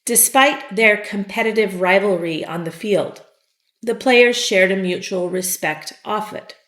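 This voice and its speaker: Slow, patient woman teaching English. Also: medium pitch, fairly bright tone, reverberant. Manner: slow, patient explaining with fillers. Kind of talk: vocabulary lesson.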